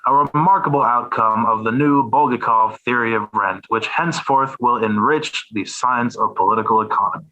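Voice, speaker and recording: Guest man, bright and forceful tone, dry wry reading, muffled lo-fi recording. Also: mid-range voice, normal speed, few pauses. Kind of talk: reading a text aloud, then casual chat. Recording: dull lo-fi sound.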